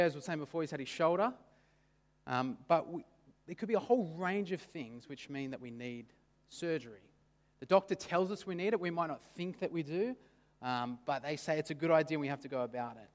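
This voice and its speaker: Brief: male preacher, conversational sermon, higher pitch, long hall echo. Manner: casual, frequent "right?" and "kind of" asides. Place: church. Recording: long church hall reverb.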